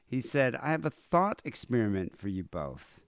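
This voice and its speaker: A man's voice: mid-range voice, sing-song, normal speed, dry recording, studio quality. A man co-hosting a podcast, chatting casually in a rambling, crude, joking way. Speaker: podcast co-host. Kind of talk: casual chat.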